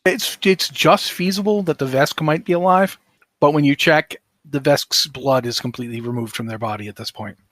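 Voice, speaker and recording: A man's voice: fairly high pitch, normal speed, fairly bright tone, no echo, clean studio sound. A man narrating as game master, describing scenes at length with many fillers and asides.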